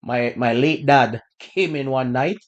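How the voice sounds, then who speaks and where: A man hosting a podcast, telling a personal story in a relaxed, conversational way with bursts of laughter. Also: medium pitch, a little slow, muffled recording. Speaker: podcast host. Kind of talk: casual storytelling.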